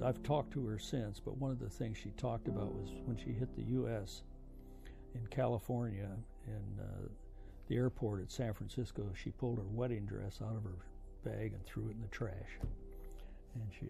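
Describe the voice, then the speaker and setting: An older veteran with a gravelly, creaky voice tells his story slowly and reflectively. He pauses often with "uh" fillers as he recalls events. Music plays clearly beneath his voice. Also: fairly low pitch, fairly even intonation. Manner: halting, reflective, frequent uh fillers. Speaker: veteran recounting memories. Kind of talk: oral history storytelling. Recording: music playing under voice.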